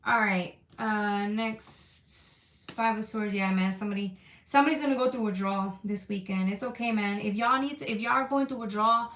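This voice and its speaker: A woman's voice: mid-range voice, steady tone, moderate pace, fairly bright tone, echoey room. A woman tarot reader chatting on a live stream, reassuring viewers and reading their comments aloud. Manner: casual, reassuring, reads chat comments aloud.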